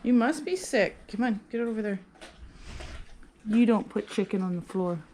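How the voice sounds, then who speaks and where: Dog-owner woman, casual home vlog, middle-pitched voice, noisy kitchen audio. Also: lively intonation, moderate pace, darkish tone. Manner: coaxing pet talk, rising high when calling the dogs. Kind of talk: casual home vlog, talking to her dogs. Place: home kitchen with dogs around.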